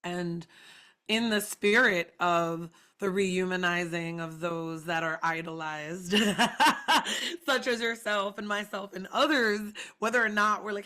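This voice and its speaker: A woman's voice: medium pitch, unhurried, sharp tone. A woman hosting a podcast, asking questions in a chatty way and feeling for her words. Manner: chatty, searching for words, quoting herself. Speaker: podcast host. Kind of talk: casual interview chat.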